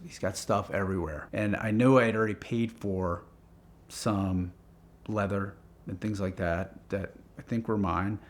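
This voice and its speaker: Man, low gravelly voice, casual storytelling, animated quoted lines. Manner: animated, acts out phone calls in quick quoted lines. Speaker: magazine car writer telling a story.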